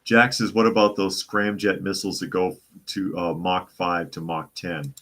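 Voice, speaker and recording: A man from the Boston area with a low, deep voice hosts a casual live talk show. He reads out viewer comments and answers them in a loose, conversational way. He often restarts sentences and repeats his own phrases. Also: level tone, moderate pace, fairly bright tone.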